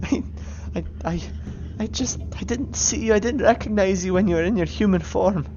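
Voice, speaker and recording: A woman doing a small, terrified male creature who grovels and pleads in a high, quavering voice. His lines rise and fall as he begs forgiveness. The tabletop session is recorded with a faint hiss and some background ambience. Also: sing-song, normal speed, dark tone, highs cut off. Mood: groveling.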